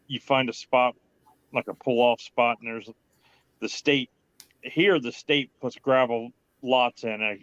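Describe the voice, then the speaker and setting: A man's voice: medium pitch, a bit bright, no echo. A man from Ohio telling a story in casual chat, rambling and profane, quoting himself and others. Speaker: guest in group chat. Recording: dull, slightly lo-fi dry audio.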